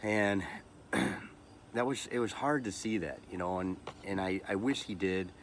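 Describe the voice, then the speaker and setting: A man's voice: deep voice, a little slow, a little hiss or hum. A man in his thirties hosting a podcast, talking through a personal, emotional monologue that halts, repeats words and restarts often, with motivational asides. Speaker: podcast host.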